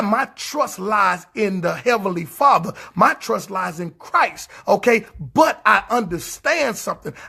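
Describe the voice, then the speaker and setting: A man's voice: sits high, gravelly, fairly bright tone. A man preaching a livestreamed sermon in a fiery, repetitive, scolding way, stretching words out for emphasis.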